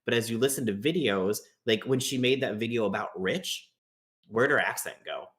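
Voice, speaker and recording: A man appearing as a guest commentator on a live stream, explaining in an animated, emphatic way. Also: medium pitch, moderate pace. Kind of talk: casual commentary chat.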